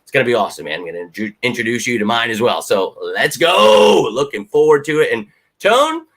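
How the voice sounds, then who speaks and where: A man hosting a live fan Q&A stream, excitable and rambling, swearing freely as he answers viewers. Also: mid-range voice, fast talker. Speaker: fan channel host. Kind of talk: live Q&A chat.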